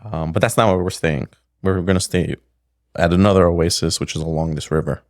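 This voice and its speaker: A man's voice: low-pitched, fairly even intonation, a little fast, no echo. A middle-aged man, a podcast guest, telling a story casually, rambling, with many restarts, on a close studio mic. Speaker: podcast guest, pickle maker.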